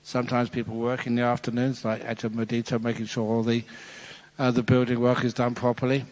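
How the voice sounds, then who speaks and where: A man's voice: medium pitch, completely flat delivery, a little fast, darkish tone. A man, a Buddhist monk, giving a playful dharma talk, telling jokes with frequent chuckles. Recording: long hall reverb.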